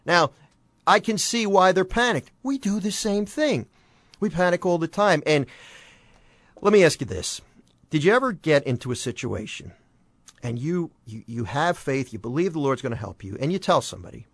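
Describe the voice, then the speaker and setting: A man's voice: on the high side, sing-song, moderate pace, no room sound. Man preaching plainly in a dry, close sound. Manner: explains plainly, asks rhetorical questions, folksy asides. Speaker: host and preacher. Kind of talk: conversational Bible teaching on a music program.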